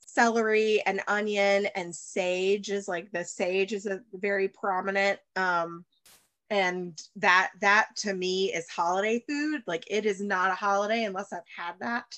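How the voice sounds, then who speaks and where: A woman's voice: mid-range voice, steady tone, a little slow, a bit bright, no room sound. A woman in her thirties from the United States, a baker and chef, talking as a guest in a casual interview and rambling with many fillers and restarts.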